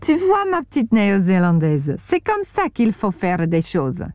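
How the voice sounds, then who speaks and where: A woman's voice: mid-range voice, huge pitch swings, moderate pace, dry recording, lo-fi sound. A woman voicing a brash, bossy woman cook, scolding in a raised voice.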